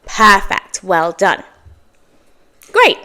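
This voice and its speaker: A woman teaching an English lesson, speaking slowly and clearly with encouraging praise and exaggerated intonation for learners to repeat. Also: medium pitch, huge pitch swings, bright, forceful tone.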